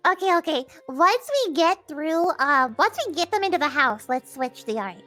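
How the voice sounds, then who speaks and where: A woman's voice: sits high, lively intonation, normal speed, sharp tone, soft background music. A woman hosting a game stream, chatting casually, giggling often and explaining the story to her co-hosts. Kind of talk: casual chat.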